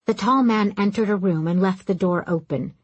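A woman reading a story aloud, in a calm, steady narration. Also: medium pitch, normal speed, breathy edge, no room sound, dull audio. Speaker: audiobook narrator. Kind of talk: scripted narration.

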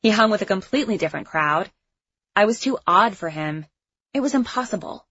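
A woman's voice: mid-range voice, animated, a little fast, fairly bright tone, breathy edge, no echo, dull audio. Woman reading a first-person audiobook. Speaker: audiobook narrator.

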